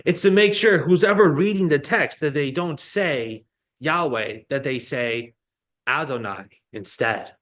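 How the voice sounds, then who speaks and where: A man's voice: a little high, measured pace, fairly bright tone. A male pastor delivering a sermon, explaining a Bible passage in a teaching manner with frequent restarts.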